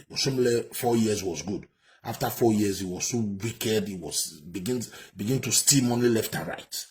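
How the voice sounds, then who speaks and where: A Nigerian man giving heated, indignant commentary, ranting and repeating himself. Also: lowish voice.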